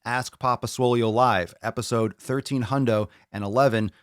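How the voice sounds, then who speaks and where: A man's voice: medium pitch, fairly even intonation, moderate pace, no echo, studio quality. A man hosting a live podcast in casual, rambling chat, swearing freely and hyping up his audience. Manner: profane, hyped, rambling. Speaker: podcast host.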